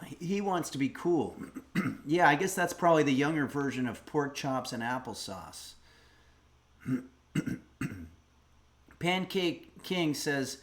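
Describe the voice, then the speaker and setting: A man's voice: fairly high pitch, a little slow, long pauses, a bit bright. Rambling middle-aged man hosting a stream. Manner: rambling, musing aloud. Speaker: streamer host. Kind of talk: casual livestream chat, reading donations and a recipe.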